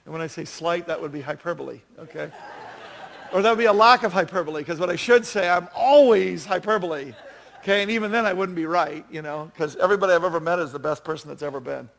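A man's voice: fairly high pitch, fast, gravelly, a bit bright. A man in his fifties preaching a sermon in a chatty, self-deprecating way, telling stories with animation. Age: 50s.

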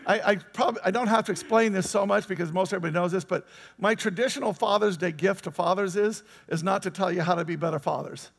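A man with a high voice preaches a sermon in a loose, conversational way. He keeps putting questions to his listeners and waits for their answers. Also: fast, vocal fry, long reverb tail. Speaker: pastor.

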